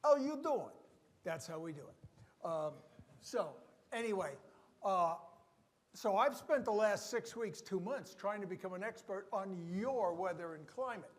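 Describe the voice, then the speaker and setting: Older male speaker, New Jersey accent, high-pitched, chatty asides and dad jokes. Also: expressive, a little slow. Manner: joking, self-deprecating, rambling asides. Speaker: conference speaker. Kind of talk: live conference presentation.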